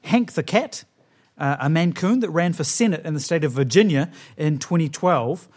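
A man hosting a comedy panel show, explaining rounds loosely with many fillers and halting restarts. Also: fairly high pitch, lively intonation, darkish tone. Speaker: quiz show host.

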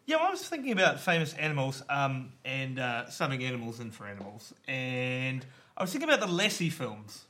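A man's voice: mid-range voice, sing-song, fairly quick, background noise. A man who is a comedy panellist, telling a rambling story with fillers. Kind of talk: comic storytelling.

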